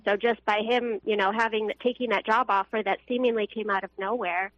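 Young woman on the phone, earnest and halting, kinda muffled and dry. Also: mid-range voice, fairly even intonation, dry recording. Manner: earnest, halting with fillers and restarts. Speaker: caller. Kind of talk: emotional personal testimony. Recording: dull phone line, dry.

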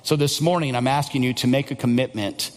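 A man preaching a Sunday sermon at a mid pitch, pressing his points with loud, emphatic bursts. His voice rings through the long reverb of a church sanctuary. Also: steady tone, a little fast. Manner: preaching with rising, near-shouted emphasis. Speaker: pastor.

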